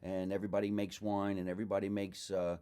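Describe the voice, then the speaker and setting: Host: low-voiced man, easygoing, reminisces with guests. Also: completely flat delivery, fast, warm tone, clear, resonant tone. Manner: chatty, reminiscing. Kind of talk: casual chat.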